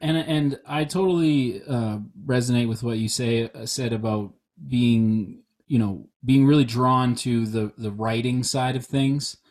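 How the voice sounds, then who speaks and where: A man's voice: mid-range voice, a little slow, few pauses, a little mellow. A man co-hosting a casual podcast chat over a video call, rambling with many restarts. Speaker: co-host.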